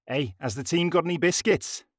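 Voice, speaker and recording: A man's voice: a little high, normal speed, dry recording, clean studio sound, voice pushed up, natural voice. A man doing a cocky Scouse soldier. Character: cheeky, greedy young male soldier.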